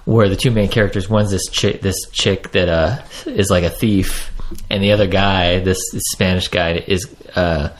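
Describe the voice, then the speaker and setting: A man's voice: sits low, steady tone, moderate pace. A man co-hosting a casual podcast chat, swearing freely and laughing often. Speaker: podcast co-host.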